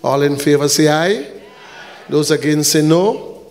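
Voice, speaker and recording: A man's voice: on the high side, a little slow, a little mellow, in a large hall, some chatter behind. A man preaching as a pastor, joking and bantering with the congregation while handing out gifts, sometimes breaking into short sung lines. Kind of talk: church service, handing out gifts. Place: church hall.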